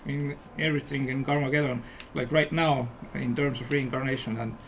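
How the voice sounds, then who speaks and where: A man's voice: mid-range voice, fairly even intonation, a little fast, slight background noise. A man with an Estonian accent chatting casually while playing a game on a livestream, rambling and enthusiastic. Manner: rambling and enthusiastic, many fillers. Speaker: game developer and guest player.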